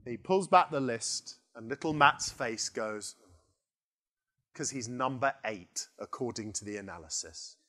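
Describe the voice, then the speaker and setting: A man giving a conference keynote, telling a story in an animated way and acting out the people in it. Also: mid-range voice, unhurried. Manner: animated, acts out quoted characters. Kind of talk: storytelling presentation. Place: conference hall.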